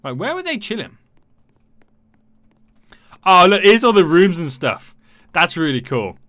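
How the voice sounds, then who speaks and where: A gaming YouTuber with a high voice gives gameplay commentary, talking excitedly and directly to his viewers at a slightly slow pace. His delivery jumps around in a lively, animated way with a bright, forceful edge. The recording is dry and close, with no echo or room sound.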